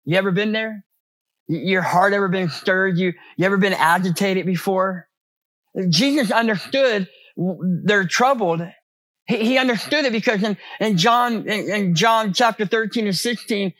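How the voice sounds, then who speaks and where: A man's voice: high-pitched, lively intonation, normal speed, fairly bright tone, no echo. A man preaching a sermon as pastor, in a conversational way with many rhetorical questions and repeated words.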